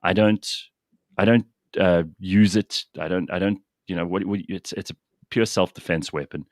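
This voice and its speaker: A man's voice: sits low, steady tone, normal speed, no room sound, studio quality. A man hosting a radio show from South Africa, chatting casually and with animation.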